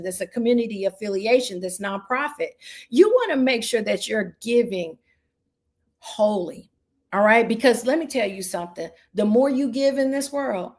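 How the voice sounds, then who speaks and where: High-voiced fervent woman real estate trainer. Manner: fervent, preacher-like, addresses audience as y'all. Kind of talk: motivational training session.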